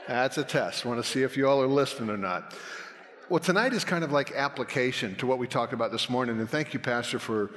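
A man's voice: mid-range voice, quick pace, fairly bright tone. A man giving a folksy, self-deprecating church talk as a guest speaker on apologetics. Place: church hall. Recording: long hall reverb.

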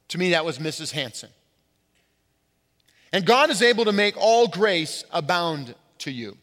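High-voiced man preaching in a hall. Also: big pitch swings, a bit bright. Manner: emphatic preaching with slow stressed words. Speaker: pastor. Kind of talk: sermon. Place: church sanctuary. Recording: reverberant hall.

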